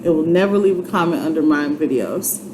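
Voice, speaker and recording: A woman's voice: low voice, lively intonation, brisk, noisy background. A woman in her twenties giving an earnest, faith-based motivational vlog, urging and repeating herself like a preacher. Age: 20s. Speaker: YouTube vlogger.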